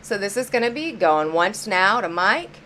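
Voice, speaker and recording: A woman's voice: medium pitch, sing-song, normal speed, pushed and bright, a little hiss or hum. A woman hosting a live-stream auction, chatty and upbeat, greeting viewers by name as she counts down bids.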